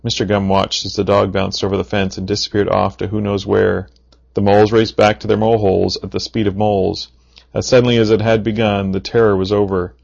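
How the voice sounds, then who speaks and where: A man reading a children's story aloud, with playful deadpan asides. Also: lowish voice, fairly quick, vocal fry. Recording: dull lo-fi recording.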